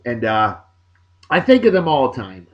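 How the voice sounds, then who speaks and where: Animated jokey man. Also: medium pitch, normal speed, lo-fi sound. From Massachusetts, USA. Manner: jokey, animated, swinging between loud bursts and mumbled asides. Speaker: video blog host. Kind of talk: casual birthday shout-outs.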